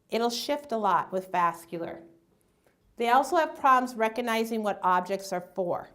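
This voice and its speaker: A woman teaching a community health class on dementia care, lively and acting out family members' voices. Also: on the high side, normal speed. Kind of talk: community health talk to a live audience.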